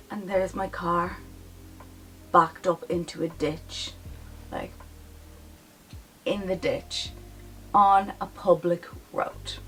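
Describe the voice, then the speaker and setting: A young woman telling a story to her vlog audience in casual, animated chat, full of "like" fillers. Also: lowish voice, low-quality recording. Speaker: vlogger. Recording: voice a bit off-mic, faint music behind.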